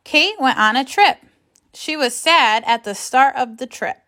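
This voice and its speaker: Slow, bright-voiced woman teaching young children. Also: sits high, lively intonation. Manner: slow, careful, encouraging classroom delivery. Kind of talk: phonics lesson for young children.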